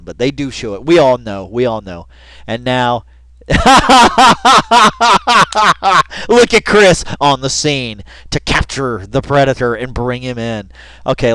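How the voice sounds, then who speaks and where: A man giving casual, rambling commentary over a video he keeps pausing, thinking aloud with wry asides and frequent swearing. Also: mid-range voice, clean tone, no room sound.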